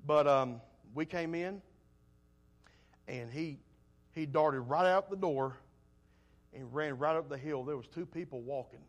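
A man preaching a sermon, telling homespun stories in a folksy way and swinging between loud emphasis and soft asides. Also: a little high, a little slow, long pauses, muffled recording.

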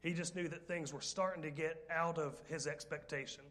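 A man with a fairly high voice preaches a sermon at a moderate pace, lively and joking as he tells a story. He rambles into asides and puts direct questions to the congregation.

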